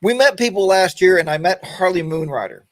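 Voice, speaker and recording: A man's voice: sits high, fairly quick, a bit bright, dry recording. A man in his fifties hosting a casual weekend livestream chat, rambling in a folksy way and greeting viewers by name. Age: 50s. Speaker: host of a weekend motorcycle chat stream.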